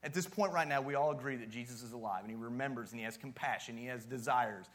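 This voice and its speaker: A man's voice: mid-range voice, quick pace, a bit bright. A man preaching a sermon as youth pastor, casual and joking at times, with strong emphatic rises.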